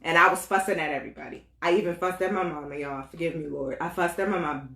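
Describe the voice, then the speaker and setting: A woman co-hosting a casual talk, telling a story with insistent, animated energy and frequent laughter. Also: fairly low pitch, normal speed, few pauses, echoey room.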